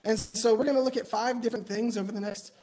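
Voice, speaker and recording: A man's voice: high voice, fairly even intonation, quick pace, mellow, slight background noise. A man preaching in church, telling personal stories with light humor in a conversational way. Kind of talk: sermon. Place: church auditorium.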